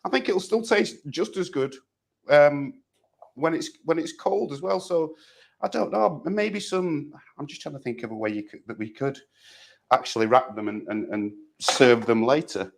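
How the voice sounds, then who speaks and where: A man's voice: on the high side, expressive, moderate pace, creaky. A man chatting through a live cooking demonstration, hesitant and repeating words as he talks. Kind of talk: live cooking demo chat.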